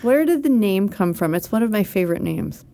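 A woman co-hosting a casual podcast chat with quick, upbeat remarks. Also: medium pitch, expressive, warm tone.

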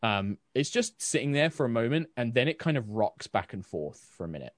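A man's voice: mid-range voice, sing-song, fairly quick, no room sound. A British man running a tabletop game as game master. He rambles easily with fillers and laughs. The recording is dry and close. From Britain.

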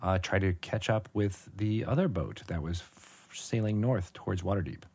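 Male podcast host as game master, relaxed narration, dry close-mic sound. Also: low voice, normal speed, vocal fry, slightly rough, no room sound. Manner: relaxed, chuckling, filler-heavy.

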